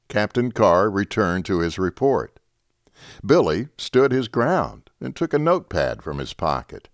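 A man's voice: lowish voice, big pitch swings, a little slow, no room sound, studio quality. A man reading a story aloud as narrator.

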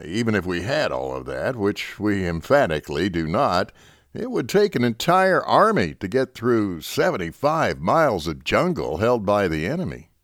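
A man's voice: lowish voice, sing-song, moderate pace, fairly bright tone, no echo, studio quality. A man doing a stern, sarcastic army captain. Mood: icy. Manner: clipped, sarcastic.

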